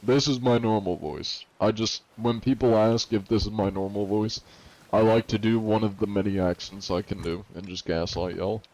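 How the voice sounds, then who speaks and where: 21 yo american streamer guy, jokey and sarcastic, answers chat, kinda low voice. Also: steady tone, normal speed, darkish tone. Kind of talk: casual livestream chat.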